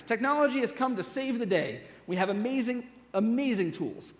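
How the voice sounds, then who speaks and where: A middle-aged man giving a humorous conference keynote, joking with quick asides and laughter. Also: very high voice, expressive. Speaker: keynote speaker. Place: large conference hall. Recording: long hall reverb.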